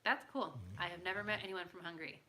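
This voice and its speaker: A woman's voice: fairly low pitch, big pitch swings, fast talker, sharp tone. A woman hosting a live stream, chatting with viewers in a bubbly, playful way while tired late at night. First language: English. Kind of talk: casual chat with viewers.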